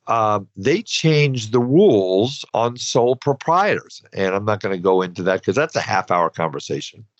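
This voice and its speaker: A man with a lowish voice hosts a podcast, explaining financial rules in a conversational, advisory way with loose asides. The recording is dry and dull.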